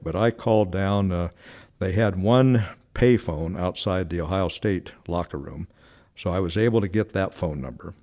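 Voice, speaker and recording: A man's voice: sits low, mellow. An older man, once a White House switchboard operator, tells anecdotes in an interview in a chatty way, often correcting himself. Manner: chatty, frequent self-corrections and fillers.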